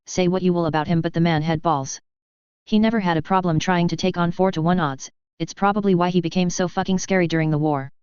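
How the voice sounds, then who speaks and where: Woman narrator, steady storybook read, smooth low voice, muffled lo-fi sound. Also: quick pace, no room sound. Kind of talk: fan fiction audiobook reading. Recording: dull dry lo-fi audio.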